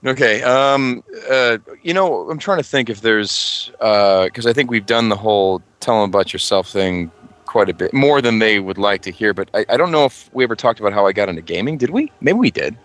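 A man chatting casually on a gaming podcast, rambling and joking, quick to laugh. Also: lowish voice, lively intonation, a bit bright, no room sound. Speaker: tabletop game master on a gaming podcast.

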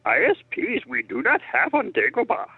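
A croaky little ancient alien sage, speaking slowly with wildly swooping, sing-song inverted sentences. His voice is high and gravelly, and it comes through a tinny, phone-like line from far off. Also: huge pitch swings, noisy background, heavily acted. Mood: amused. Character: tiny ancient green alien sage, wise and quirky.

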